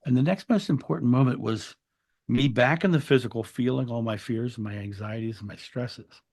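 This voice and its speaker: A man's voice: medium pitch, brisk, creaky, a little mellow. A man telling a spiritual story in an interview, earnest and reflective, often restarting his words. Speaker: interview guest.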